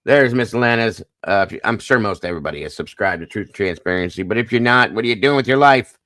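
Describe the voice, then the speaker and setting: Male livestream host, lowish voice, dry close sound, rattles off viewer greetings. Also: lively intonation, fast talker, sharp tone, no room sound. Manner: upbeat, greets viewers by name one after another. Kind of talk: casual livestream chat.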